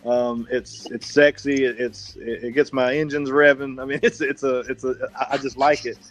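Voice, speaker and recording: Co-hosting a casual podcast, a man with a Southern US accent chats hesitantly, full of fillers and restarts. His mid-range voice stays level at a normal speed, with soft music in the background.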